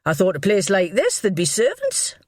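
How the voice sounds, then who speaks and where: A woman's voice: on the high side, very animated, moderate pace, no room sound, voice pushed up. A woman doing a blunt police inspector. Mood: needling. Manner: dry, needling and mock-innocent. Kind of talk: audiobook character voice.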